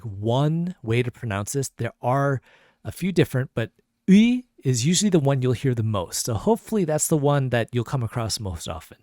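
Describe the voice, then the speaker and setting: Man, language teacher, slow deliberate delivery, lively pitch, dry close sound. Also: dry recording. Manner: patient, repeats each sound slowly. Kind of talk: slow pronunciation lesson.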